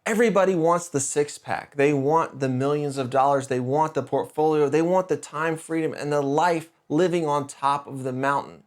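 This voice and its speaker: A middle-aged man hosting a podcast, telling a story in a casual, conversational way with quick restarts and lively emphasis. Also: on the high side. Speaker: podcast host.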